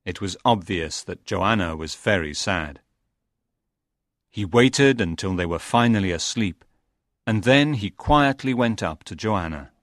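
A man narrating a simple storybook slowly and deliberately. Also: lowish voice, expressive, fairly bright tone, no echo, clean studio sound. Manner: slow and deliberate.

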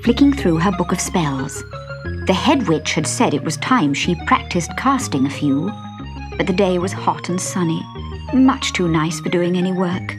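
A woman narrating a children's storybook with an expressive, animated reading. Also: lowish voice, moderate pace. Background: background music.

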